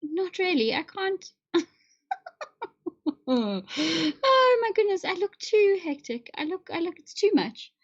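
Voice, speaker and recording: A woman's voice: extremely high pitch, animated, moderate pace, darkish tone, muffled recording. A woman vlogging casually, playful and theatrical, often squealing in mock panic. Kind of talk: casual chat with filters, playful.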